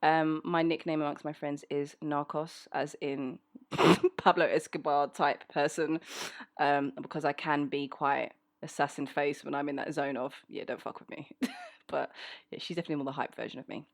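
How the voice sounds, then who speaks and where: A woman's voice: low voice, steady tone, moderate pace. Frank South London woman, thirties, chatty. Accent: South London English. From England. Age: 30s. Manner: frank and outspoken, chatty with frequent ums. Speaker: voice actor answering listener questions. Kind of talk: casual chat. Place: home.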